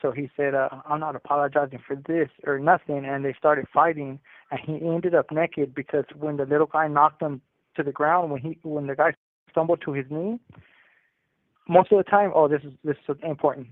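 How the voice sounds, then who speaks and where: Higher-voiced man spinning a jail story in street slang, over a dry, phone-thin line. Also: steady tone, normal speed, no room sound. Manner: streetwise slang, rambling with restarts. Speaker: incarcerated storyteller calling in. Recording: tinny prison phone line.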